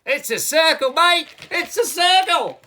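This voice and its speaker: A man voicing an excitable, cheerful Pringles-tube puppet with a put-on Australian accent, calling everyone mate. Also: on the high side, moderate pace. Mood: overexcited. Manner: says "mate" constantly, gets overexcited.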